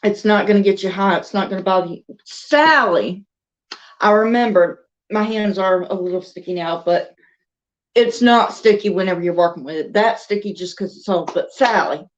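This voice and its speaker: With a Southern US accent, this woman, a crochet and doll vlogger from the American South, chats her way through a meandering story, slipping laughs in between thoughts. Her mid-range voice moves at a normal speed, and the audio has its highs cut off.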